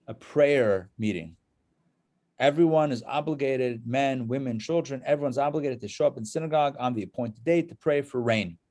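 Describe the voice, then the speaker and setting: A man's voice: medium pitch, a little mellow. A man teaching a live class as a rabbi, telling a story and checking in with his listeners.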